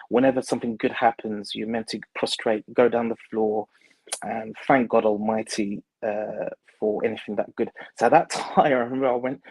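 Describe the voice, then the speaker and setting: Male guest, excitable storyteller who stumbles over words; dry close sound. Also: mid-range voice, dry recording, rough recording. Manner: animated, halting, many fillers and restarts. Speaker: perfumer. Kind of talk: storytelling in an interview.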